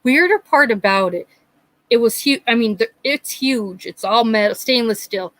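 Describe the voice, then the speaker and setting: A woman's voice: fairly high pitch, normal speed, no echo, poor audio. A middle-aged woman hosting a live chat, telling a story casually and animatedly. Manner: animated, acts out quoted voices.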